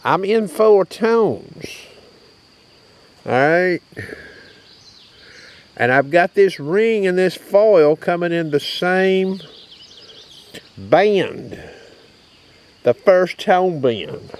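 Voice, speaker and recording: A man's voice: high voice, expressive, drawn-out words, pauses often. A man, from Tennessee, casually demonstrating gear outdoors in a folksy, drawling way, often checking in with his listeners. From Tennessee, USA. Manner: folksy, drawling, keeps checking in with "okay?" and "you hear that?". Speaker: metal detecting channel host. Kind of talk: casual outdoor equipment demo.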